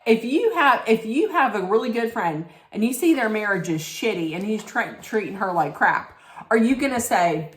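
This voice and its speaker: A woman's voice: fairly high pitch, sing-song, normal speed, reverberant. A woman giving a snarky, blunt recap straight to her viewers, emphatic and sarcastic. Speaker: reality TV recap vlogger.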